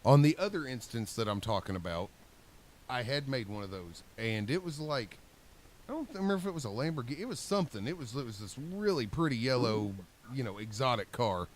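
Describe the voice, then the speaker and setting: Animated rambling male storyteller. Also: medium pitch, brisk. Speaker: podcast co-host. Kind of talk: casual storytelling chat.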